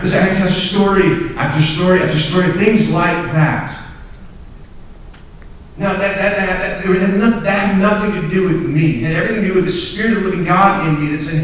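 A man's voice: high-pitched, a little fast, a little hiss or hum. A young man telling a story in a sermon to students, earnest and self-deprecating, repeating words as he gets going. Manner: earnest, self-deprecating, laughs at his own stories; repeats and restarts words when excited. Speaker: speaker at a student group meeting. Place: large room full of students. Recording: very echoey room, heard from a distance.

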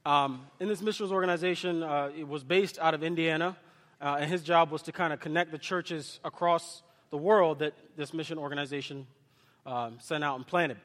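A man with a high voice preaches in a big hall, and his words ring out with a long reverb. He was born in Kenya but grew up in the US and speaks with no accent. He moves from fervent exhortation into plain personal stories. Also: normal speed, a bit bright. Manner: impassioned preaching with storytelling asides. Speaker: pastor. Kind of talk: sermon.

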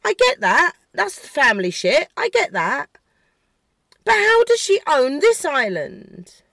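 A woman's voice: sits high, huge pitch swings, unhurried, gravelly, no room sound. Fiery, sweary woman ranting, dry sound. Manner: shouty, sweary, sarcastic. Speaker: podcast host. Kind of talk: heated political rant.

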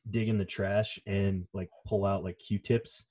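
Brief: male podcast co-host, lowish voice, casual, rambling, swears freely. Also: flat delivery, unhurried, warm tone. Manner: rambling, profane, lots of fillers. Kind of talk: casual chat.

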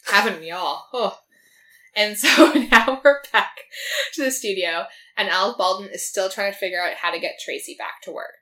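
A woman's voice: medium pitch, moderate pace, pushed and bright. A young woman in casual chat, recapping a TV episode in a filler-heavy way and quoting the characters in her own voice. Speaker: podcast co-host.

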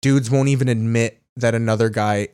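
A man's voice: mid-range voice, steady tone, a little fast, a little mellow, smooth, dry recording. Profane, riffing man in casual chat.

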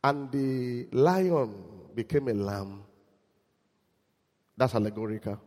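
A man preaching a sermon in church, animated and quizzing his congregation. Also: medium pitch, slow pace, big-room sound. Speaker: pastor.

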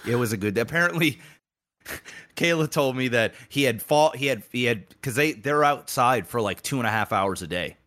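A man in his thirties co-hosts a casual podcast, chatting at a normal speed. He's an animated storyteller who swears and jumps into a high voice whenever he acts out what someone said.

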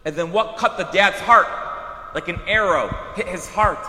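A man preaching a sermon as a priest, telling stories in an animated way with quick asides. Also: high-pitched, slight background noise. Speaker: Catholic priest. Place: church. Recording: echoey church hall.

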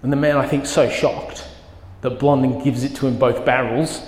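A man's voice: medium pitch, steady tone, moderate pace, darkish tone. A man preaching a sermon as pastor, telling a story with vivid, emphatic quoted lines. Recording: echoey hall with long reverb.

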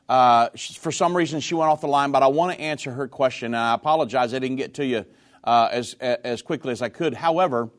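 A man hosting a call-in radio show, explaining points slowly and repeating them. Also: fairly high pitch.

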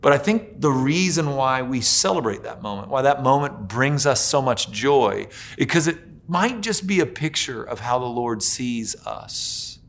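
A man in his forties preaching a sermon as a pastor, telling stories with lots of filler words and swinging from hushed to loud. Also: medium pitch, a little slow, hardly any pauses. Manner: animated storytelling with many filler likes, swinging between hushed and loud.

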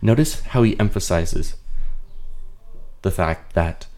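A man's voice: low voice, takes it slowly, a little mellow. A man hosting a podcast, teaching a Bible study in an earnest, explanatory way and repeating his points for emphasis. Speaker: host.

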